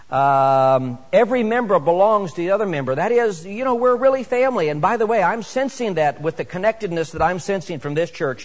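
A middle-aged man preaching a sermon to his church, animated and rising to emphatic exhortation. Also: high-pitched, brisk. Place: church sanctuary. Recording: echoey church hall.

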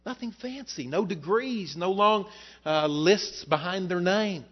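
A man's voice: lively intonation, a little slow, muffled recording. Dynamic male pastor preaching. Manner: rises and falls in pitch and loudness, rhetorical questions. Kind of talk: sermon.

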